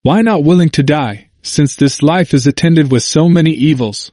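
A calm, firm guide, voiced by a man who gives solemn directions. His voice lifts a little above the narration. Dry, close recording. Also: on the high side, normal speed, no echo, lightly acted. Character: guiding male preacher figure, calm and firm.

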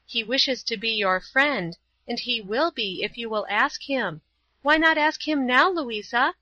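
A woman reading a storybook, voicing a kind, pious young woman who speaks earnestly and pleads gently. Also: a little high, expressive, unhurried, dry recording, lo-fi sound, full character voice. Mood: earnest, pleading.

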